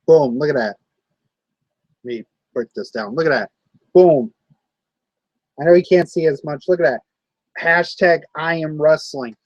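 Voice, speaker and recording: Young guy in his late 20s ranting and cussing at the camera, kinda high voice, dry close sound. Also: a little slow, pauses often, dry recording, muffled recording. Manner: angry, profane, repeats himself. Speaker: wrestling vlogger.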